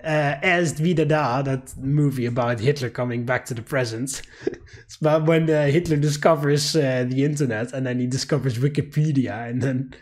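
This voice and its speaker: A man reading a visual novel aloud and commenting, animated, laughing often and rambling in asides. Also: mid-range voice, moderate pace. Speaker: gameplay commentator.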